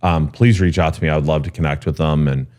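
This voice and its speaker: A man being interviewed, telling workplace stories in a candid, animated way and often filling pauses with "um" and "you know". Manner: animated storyteller who jumps high when quoting people; frequent fillers like um and you know. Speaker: guest, real estate executive.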